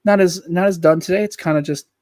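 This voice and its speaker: A man's voice: high-pitched, fairly even intonation, fast, darkish tone, dry recording. A man from the United States co-hosting a live podcast, chatting casually and rambling through stories. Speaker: podcast co-host. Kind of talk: casual chat.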